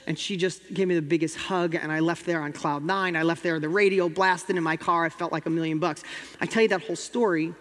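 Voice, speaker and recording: A man's voice: a little high, fairly even intonation, fairly quick, a bit bright, in a large hall. A middle-aged man from New York with a New York accent, telling a motivational story as a guest and acting out the dialogue with rising intensity.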